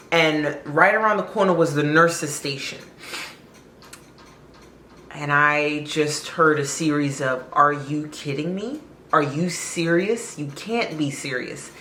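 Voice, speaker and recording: A woman with a low, unhurried voice tells a personal story in a chatty, expressive way, stretching out words for effect. Her tone is bright and forward, and the room gives back a noticeable echo. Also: a little hiss or hum. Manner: chatty, expressive, drawn-out emphasis. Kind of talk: casual storytime vlog.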